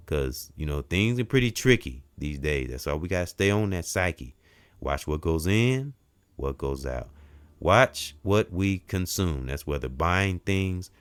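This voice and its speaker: A man with a very low voice delivers a spiritual self-help talk in a preachy, emphatic way. He punches key words loudly, then drops into quiet asides. The sound is dry and close, with faint music underneath. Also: no room sound. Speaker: motivational speaker.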